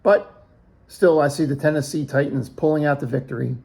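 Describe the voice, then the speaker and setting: A man's voice: a little high, fairly even intonation, a little fast, vocal fry, darkish tone. A middle-aged man hosting a fantasy football league preview in a casual, jokey way, rattling off picks and projected points.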